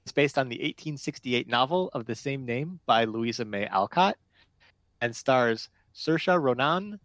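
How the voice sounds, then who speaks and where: A man's voice: medium pitch, expressive, measured pace, fairly bright tone, no echo. A man hosting a casual podcast chat, talking in a rambling, self-correcting, unsure way. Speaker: podcast host.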